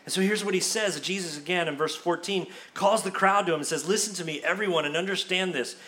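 A man gives a sermon in a bright, ringing voice that sits a little high. He preaches conversationally, slipping into casual asides as he explains scripture to his congregation. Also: quick pace. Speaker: pastor.

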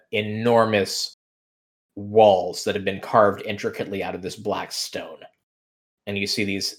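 A man narrating a tabletop game as game master, rambling and relaxed, with many fillers. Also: on the low side.

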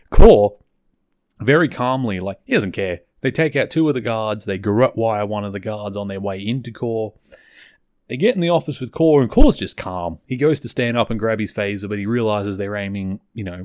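A man's voice: medium pitch, no room sound, studio quality. A man hosting a podcast, casually recapping a TV episode and acting out the characters' lines as he goes. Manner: animated retelling, acts out quotes. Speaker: podcast host.

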